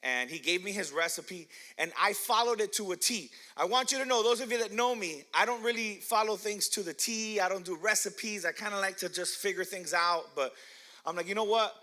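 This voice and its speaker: In a church hall, a middle-aged male pastor tells playful, self-mocking stories during his sermon, laughing often and asking the crowd questions. His voice is high and sharp in tone, and he speaks fairly quickly.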